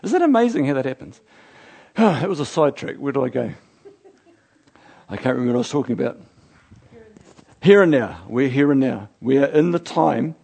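A middle-aged man from New Zealand, a pastor preaching a sermon, building from quiet reflection to fervent exclamations. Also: mid-range voice, lively intonation, moderate pace, creaky, long pauses, slightly rough. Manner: impassioned, rising to fervent exclamations.

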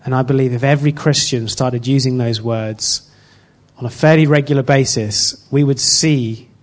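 A man's voice: mid-range voice, fairly even intonation. Earnest man giving an informal sermon. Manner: earnest and halting, frequent restarts. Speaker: church speaker. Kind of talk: informal sermon with personal story.

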